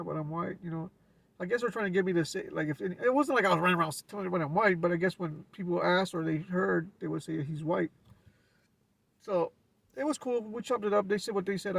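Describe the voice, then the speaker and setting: Casting: LA man, gravelly and raspy, laid-back storyteller heard from off-mic. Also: high voice, far from the mic. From Los Angeles. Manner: laid-back street slang with frequent restarts. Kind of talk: casual storytelling.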